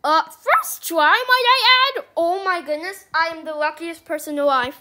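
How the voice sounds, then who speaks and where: High, bright-voiced gaming commentator, woman. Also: moderate pace. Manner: excitable, squealing with joy. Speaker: gaming YouTuber. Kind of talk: gameplay commentary.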